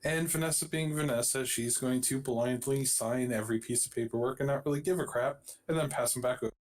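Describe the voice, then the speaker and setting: A man playing a tabletop game, thinking his moves through out loud in an easygoing way. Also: medium pitch, steady tone, fairly quick. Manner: thoughtful and easygoing. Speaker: player.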